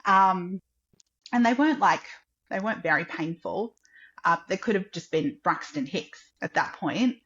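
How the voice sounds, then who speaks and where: Her lowish, fairly bright voice is expressive and slightly rough, moving at a measured pace through a muffled recording. As a podcast guest, she tells a personal story casually and chattily, acting out quotes and leaning on "like."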